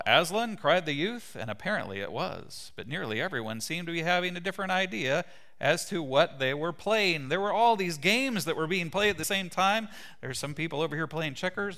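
A middle-aged man preaching a sermon, retelling a story in an animated way and briefly voicing its characters. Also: fairly high pitch. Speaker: pastor.

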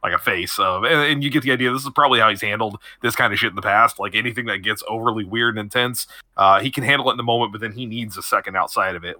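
Lowish, bright-voiced rambling male player. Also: no room sound. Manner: rambling, filler-heavy. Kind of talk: casual tabletop role-play. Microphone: online voice call.

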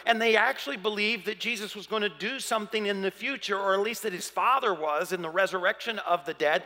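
A man's voice: high-pitched, pushed and bright. A man preaching a sermon as pastor, emphatic and dramatic, acting out the voices of the people in his story. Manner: emphatic, acts out voices of biblical figures. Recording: preaching in a reverberant hall.

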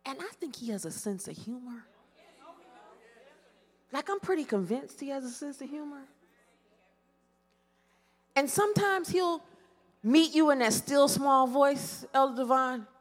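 A woman preaching a sermon, pausing dramatically and asking the congregation to fill in her questions. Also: sits high, animated, in a large hall. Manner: call-and-response questions with dramatic pauses. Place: church sanctuary.

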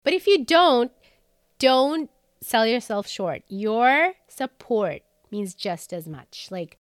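A woman's voice: on the high side, animated, slow pace, no room sound, studio quality. A woman co-hosting a podcast in casual, upbeat chat, speaking with an American accent and laughing often. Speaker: podcast co-host.

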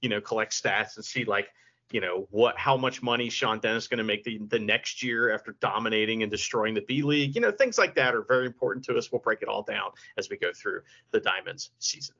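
A man co-hosts a casual podcast in a deadpan, mock-serious manner. His voice is bright and forceful at a middle pitch. The audio is dull and lo-fi. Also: brisk. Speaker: podcast co-host. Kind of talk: casual chat.

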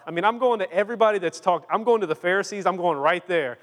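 A young man preaching a sermon in a casual, storytelling way, sometimes lively and sometimes hushed and earnest. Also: high-pitched, fast, hardly any pauses, in a large hall.

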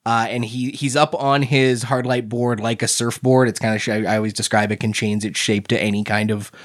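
A man playing a tabletop game, describing his character's actions in a relaxed, rambling way with many fillers. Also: medium pitch, a little fast. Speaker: player.

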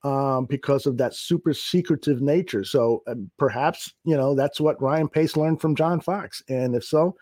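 A man's voice: on the high side, normal speed, few pauses, a little mellow, no room sound, clean studio sound. A man co-hosting a casual sports podcast, swearing freely, exasperated and often laughing. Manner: profane, exasperated, laughs a lot. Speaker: podcast co-host.

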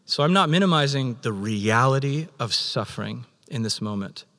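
Animated preacher in a reverberant hall. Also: male voice, medium pitch, normal speed. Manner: animated, acts out God's voice in quotes. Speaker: pastor. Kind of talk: sermon.

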